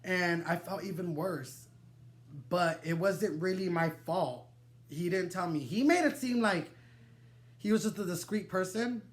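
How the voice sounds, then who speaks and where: A young man telling a wild personal story to the camera, animated and dramatic, swearing freely and laughing through his digressions. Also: sits high, unhurried. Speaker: vlogger. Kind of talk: storytime vlog, casual and profane.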